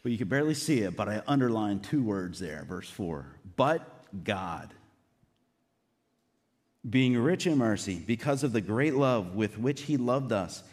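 In a hall with long reverb, a man delivers a sermon in an earnest, conversational style, tossing casual asides to the congregation. His voice is medium-pitched with a darkish tone.

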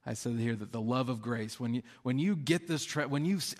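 Conversational pastor in a reverberant hall. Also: male voice, medium pitch, a little fast, hardly any pauses. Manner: conversational, with fillers and acted-out quotes. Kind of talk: sermon.

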